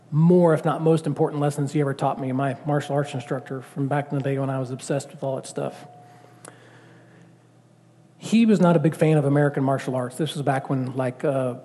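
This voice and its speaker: A man preaching a sermon in a conversational, animated way, often asking the congregation questions. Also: mid-range voice. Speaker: pastor. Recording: long reverb of a church hall.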